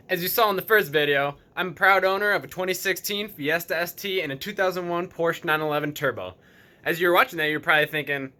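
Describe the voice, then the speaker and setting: A man in his mid-twenties from Metro Detroit, hosting a casual vlog and telling his story to camera in an upbeat, steady way. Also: fairly high pitch, quick pace. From Metro Detroit, USA. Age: 20s. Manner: upbeat, energetic greeting, then steady storytelling. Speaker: vlogger.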